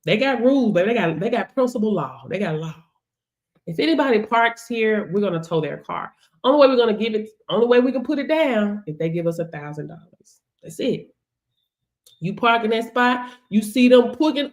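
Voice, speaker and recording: A woman's voice: on the high side, lively intonation, fairly quick. A woman hosting a business workshop livestream, preaching with frequent laughs and call-outs to the audience. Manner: preachy, laughs often, keeps asking "hello?". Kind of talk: motivational livestream talk.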